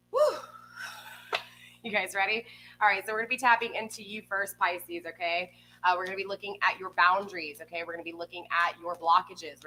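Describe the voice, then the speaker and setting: A woman's voice: fairly low pitch, pushed and bright, a little hiss or hum, poor audio. A woman giving a live tarot reading from home, talking to viewers in a chatty way and often checking in with "okay?" and "right?". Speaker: tarot reader. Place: home room with a pet nearby. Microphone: desk microphone.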